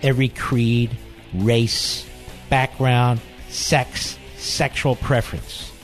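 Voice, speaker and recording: A man's voice: mid-range voice, little pitch movement, slow, faint music behind. A man hosting a talk radio show, delivering an indignant political monologue with heavy repetition.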